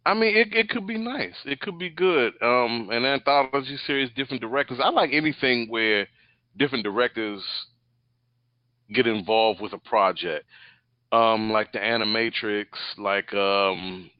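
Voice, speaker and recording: A man's voice: mid-range voice, moderate pace, dry recording. A man co-hosting a casual movie podcast, talking in a rambling, thoughtful way with many hesitations and restarts. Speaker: podcast co-host. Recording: dull, dry sound.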